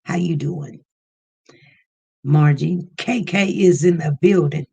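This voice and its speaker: Unhurried livestream host greeting viewers. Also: medium pitch, vocal fry, a little mellow, husky. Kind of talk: casual live-stream chat greeting viewers.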